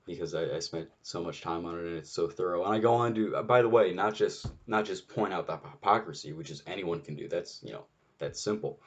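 A political commentator with a low, husky voice rants solo and unscripted at a fairly quick clip. Exasperated and sarcastic, he swears often, keeps restarting sentences and leans on fillers.

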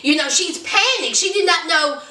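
A woman casually recapping a TV episode in a vlog, telling it as a lively story and acting out the scenes. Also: very high voice, moderate pace. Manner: animated storyteller, acts out the scenes. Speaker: TV episode reviewer. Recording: roomy echo, mic at a distance.

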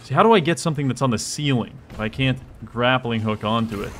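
A young man streaming a game, chatting casually with jokes and sudden excited exclamations as he plays. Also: mid-range voice, quick pace, a little hiss or hum. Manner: rambling, joking, bursts into excited exclamations. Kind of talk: casual live gameplay commentary.

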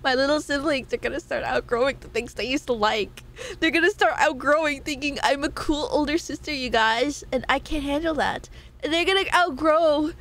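A woman's voice: sits high, normal speed, a bit bright. A young woman streaming a game, chatting casually with viewers, laughing often and swearing freely. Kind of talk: casual live-stream chat.

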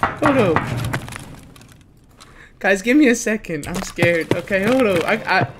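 A woman streaming a game live, swearing freely and breaking into panicked shouts. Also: mid-range voice, animated, normal speed, background noise. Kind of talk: live gameplay commentary.

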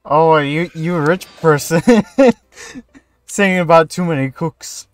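A man's voice: a little high, slow pace, clear, resonant tone. A man joking sarcastically with friends during a card game, laughing a lot. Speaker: friend playing along. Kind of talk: casual gameplay chat.

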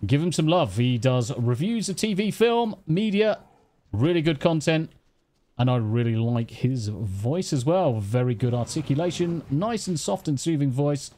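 Lively, sweary streamer. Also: male voice, fairly high pitch, normal speed. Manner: swearing, teasing, reading out viewer thanks. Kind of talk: casual live-stream chat. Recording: faint music behind.

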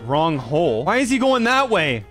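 A man playing a video game with animated, loud outbursts. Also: fairly high pitch, moderate pace, soft background music. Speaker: gamer. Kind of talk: casual gaming chat.

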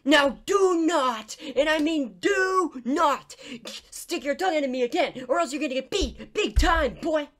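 Squawky bickering cartoon duck, highish voice, trash talk. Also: animated, a little fast, hardly any pauses. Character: cranky, squawky cartoon duck picking fights. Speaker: gameplay YouTuber. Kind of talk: in-character game commentary.

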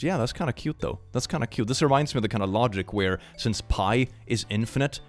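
Young man reacting to clips, with an expressive, swinging pitch and a wry, chatty delivery. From Sweden. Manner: chatty, wry, laughs often. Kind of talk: casual commentary.

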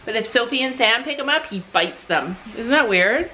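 A chatty woman vlogging at home, speaking to the camera in a bright, forward voice. Her talk is lively and she often turns to address her pet bird. A faint hiss sits under the recording. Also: fairly high pitch, normal speed. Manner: chatty and animated, talks to viewers and her bird. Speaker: family vlogger. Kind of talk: casual vlog chat to camera.

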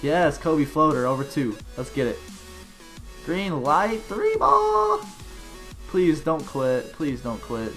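A man calling his own basketball video game match, bouncing between hyped cheers and offhand slangy asides. His voice swoops widely in pitch, and faint music sits in the background behind his desk mic. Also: takes it slowly. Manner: excitable, cheering and shouting at plays; casual slangy banter with laughs. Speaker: gaming channel host. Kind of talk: gameplay commentary.

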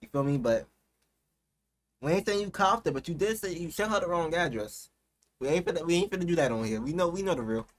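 A man hosting a reaction video, talking casually with lots of slang and swinging into loud, excited outbursts. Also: fairly high pitch, fast talker. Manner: slangy, keeps saying "you feel me".

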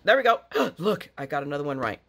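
A woman's voice: deep voice, very animated, fast, fairly bright tone, slight background noise. A woman vlogger chatting casually to her viewers while she unboxes craft supplies. She gushes and rambles, restarts her sentences, and breaks into sudden gasps and squeals of delight.

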